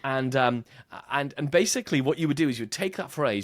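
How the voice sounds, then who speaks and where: Animated man explaining in a lively voice. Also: mid-range voice, brisk. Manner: animated, explains with examples and shifting emphasis. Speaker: podcast guest, email marketing strategist. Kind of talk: conversational podcast interview.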